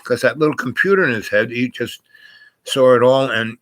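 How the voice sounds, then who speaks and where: A man's voice: medium pitch, moderate pace, fairly bright tone, poor audio. A man telling a personal story in a casual, rambling way, often restarting his sentences and at times sounding close to tears. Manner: rambling, digressive, with many restarts; emotional, near tears at times.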